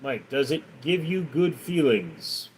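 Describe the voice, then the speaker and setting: A man's voice: medium pitch, very animated, slow pace, slight background noise, poor audio. A man hosting a live stream, casually reading out viewers' comments and answering them with chatty stories. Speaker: livestream host.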